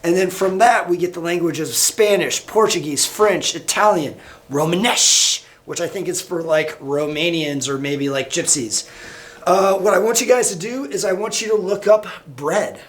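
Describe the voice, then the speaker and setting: Man, high voice, Midwestern American accent, casual recorded lesson, lots of fillers. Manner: casual, loose delivery with many fillers. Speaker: high school teacher. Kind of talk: recorded lecture over slides.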